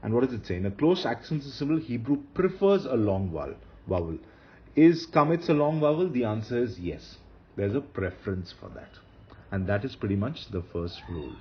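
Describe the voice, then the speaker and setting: A man teaching a grammar lesson, his pitch rising and falling in a lively, emphatic way. He repeats each rule slowly so students will remember it. The recording is a dull, lo-fi voice-over. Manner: slow, repeats key rules for emphasis. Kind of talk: slide-based grammar lecture.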